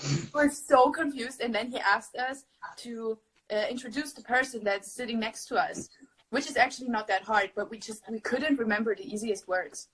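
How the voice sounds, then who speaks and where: Young woman host, husky tone, talkative and rambling, casual phone stream. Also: medium pitch, a bit bright, poor audio. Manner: chatty, rambling, lots of fillers and laughter. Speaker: livestream host. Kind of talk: casual chat.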